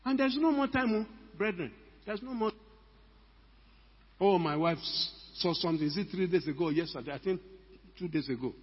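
A man's voice: sits high, animated, moderate pace, long pauses, husky. An older man preaching a sermon as a pastor, emphatic and full of rhetorical questions to the congregation. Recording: echoey hall, dull lo-fi sound.

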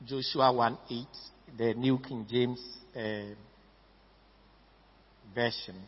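A pastor with a Ghanaian English accent preaches slowly in a steady, mid-range voice with a breathy edge. He stresses key words and repeats himself often, captured in a dull lo-fi recording in an echoing hall.

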